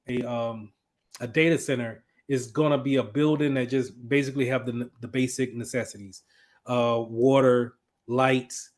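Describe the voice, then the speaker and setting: Man, IT instructor, casual classroom lecture, mid-pitched voice, halting and conversational. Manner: conversational, many fillers and restarts.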